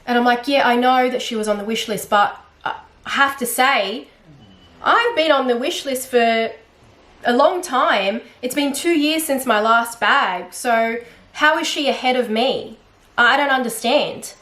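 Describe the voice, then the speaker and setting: A woman's voice: a little high, unhurried, a bit bright. A woman vlogging a casual storytime monologue, chatty and frustrated, with lots of fillers and restarts. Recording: roomy echo.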